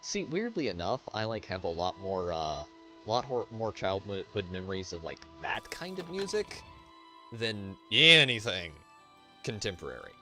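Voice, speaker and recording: Gaming host, male, meandering and foul-mouthed, low voice that swings widely. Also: huge pitch swings, normal speed, soft background music. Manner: rambling, profane, self-interrupting. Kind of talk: casual let's-play commentary.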